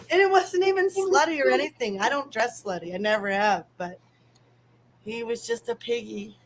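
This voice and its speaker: A woman's voice: on the high side, unhurried, long pauses, a little hiss or hum, rough recording. A woman from the Chicago area co-hosting a live stream panel, chatty, swearing and laughing often. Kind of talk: casual livestream chat.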